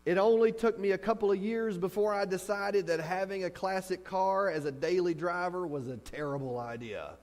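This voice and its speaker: A man delivers a sermon in a high voice that carries through a large, reverberant hall. He tells stories with animation and acts out reactions, and a faint mains hum sits under the recording. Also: normal speed, hardly any pauses. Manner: animated storytelling, acting out reactions. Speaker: pastor. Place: church hall.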